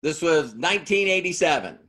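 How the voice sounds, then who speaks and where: A man's voice: fairly high pitch, very animated, moderate pace, a bit bright, slightly rough. A middle-aged man giving a motivational stage talk, emphatic, repeating key lines and asking the audience questions. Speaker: motivational speaker.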